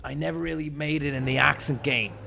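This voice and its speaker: A young man, a comedian streamer, telling an absurd story in a deadpan, rambling, sweary way. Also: on the high side, brisk, creaky, background noise.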